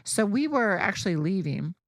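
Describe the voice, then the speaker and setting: A woman's voice: medium pitch, big pitch swings, moderate pace, no echo, studio quality. A woman co-hosting a podcast, telling a story in casual chat, blunt and profane. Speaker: podcast co-host.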